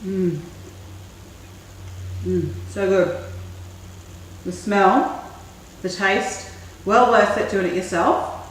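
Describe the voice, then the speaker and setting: A woman hosting a cooking show, chatting in a relaxed way and thinking aloud as she works. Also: mid-range voice, drawn-out words, long pauses. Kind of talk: casual cooking demonstration. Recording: very echoey room, mic far off, faint noise.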